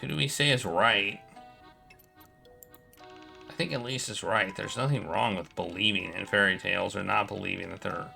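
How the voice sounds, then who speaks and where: A man's voice: fairly low pitch, gravelly, pushed and bright, faint music behind. A man streaming a game, casually reading its story text aloud with occasional stumbles. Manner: quick, casual narration with stumbles.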